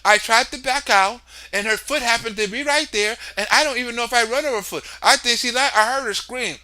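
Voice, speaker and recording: An evasive male politician who answers in halting, overly smooth denials, as a man mimics him. The voice stays bright and high. It is hushed and softer than the performer's own talk. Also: exaggerated voice. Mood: defensive. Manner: hesitant, falsely smooth denials.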